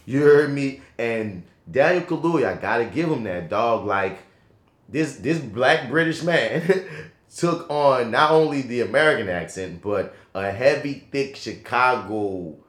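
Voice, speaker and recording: A man co-hosting a podcast and reviewing a film in casual chat, animated and profane with slangy emphatic asides. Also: medium pitch, unhurried. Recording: roomy echo.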